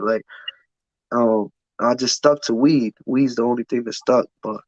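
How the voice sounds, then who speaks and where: Speaking at normal speed in a medium, slightly mellow voice, an interview guest candidly describes his life. He's emphatic and profane, with frequent repeated words as he restarts. The recording is dull and lo-fi, dry with no echo.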